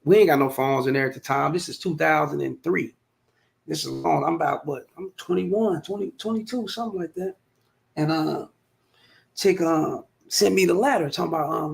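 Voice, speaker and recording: A man's voice: fairly high pitch, moderate pace, gravelly. A man in his forties telling a rambling, profane, slangy story straight to the camera. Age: 40s. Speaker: vlogger. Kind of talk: casual storytelling monologue.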